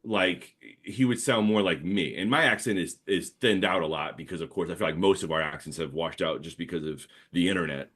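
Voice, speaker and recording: A man's voice: deep voice, brisk, few pauses, breathy edge. A man in his thirties with a New Orleans Yat accent, telling stories in casual podcast chat with lots of fillers. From New Orleans area. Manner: rambling, animated storytelling with many fillers. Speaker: comics artist guest.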